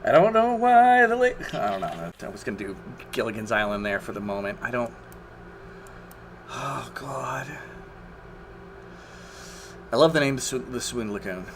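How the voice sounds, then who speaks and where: A man's voice: medium pitch, sing-song, moderate pace, long pauses, slight background noise. A man commentating his own gameplay on a live stream, exasperated, swearing and groaning at the game.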